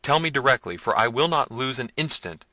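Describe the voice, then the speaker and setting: A man voicing a domineering, harsh prince, speaking loudly and with command. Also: medium pitch, expressive, fairly quick, no room sound, pitched above the performer's own voice, poor audio. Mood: imperious. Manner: loud, commanding delivery.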